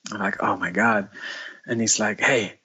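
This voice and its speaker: Guy, husky kinda low voice, rambly chatty storytelling, muffled lo-fi audio. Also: steady tone, unhurried, sharp tone. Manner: rambling, leans heavily on "like". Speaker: guest musician. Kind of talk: casual storytelling. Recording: dull lo-fi sound.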